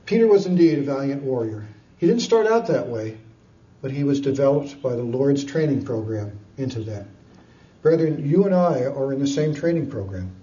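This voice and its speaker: A man preaching a sermon, retelling scripture with lively storytelling, chuckles and frequent fillers. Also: medium pitch, moderate pace. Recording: distant, dull, echoey room.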